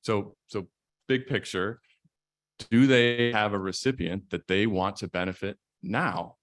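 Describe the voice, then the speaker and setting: A man, an estate planning attorney, giving a measured, explanatory conference presentation. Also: on the low side.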